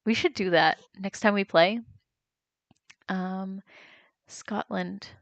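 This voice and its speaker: A woman's voice: mid-range voice, slow, no room sound. Young adult female streamer, casual chatter, dry close sound. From United States. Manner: chatty, reads chat aloud and reacts with laughs. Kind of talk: casual live-stream chat.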